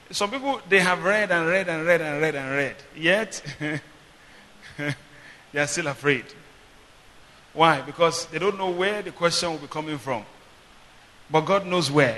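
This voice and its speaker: In a church hall with long, ringing reverb, a pastor's sermon moves between thundering declarations and gentle teaching, drawing call-and-response from the congregation. His voice is high, piercing, and brilliant.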